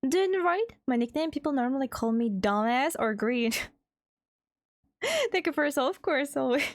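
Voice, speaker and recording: Chatty woman streamer, high voice. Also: expressive, normal speed, no room sound. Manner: rambling, chatty, laughs often, swears casually, reads out chat names. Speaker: VTuber streamer and artist. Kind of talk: casual live-stream chat.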